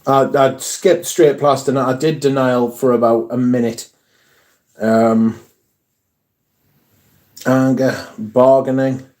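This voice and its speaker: A man rambles through a casual live stream, reading comments and swearing as he goes. His voice is warm and mellow, never bright. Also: mid-range voice, steady tone, slow pace, long pauses. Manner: chatty, swears casually, reads viewer comments aloud.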